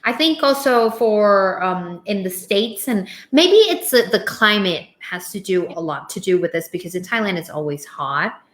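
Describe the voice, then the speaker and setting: A woman's voice: mid-range voice, expressive, moderate pace, hardly any pauses. A woman co-hosting a casual chat, hesitant and often repeating words as she restarts. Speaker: co-host. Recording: roomy echo.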